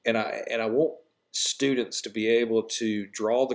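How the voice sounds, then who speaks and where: A male high school English teacher explaining a lesson in an informal, explanatory way before reading a story aloud. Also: fairly even intonation, normal speed.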